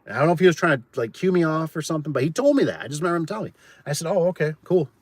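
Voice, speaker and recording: A man's voice: a little high, lively intonation, rapid-fire, dry recording. A man who runs a garage door business, telling a work story in a casual, chatty way and often adding "like" and "right?". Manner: chatty, tosses in "like" and "right?", acts out quoted voices.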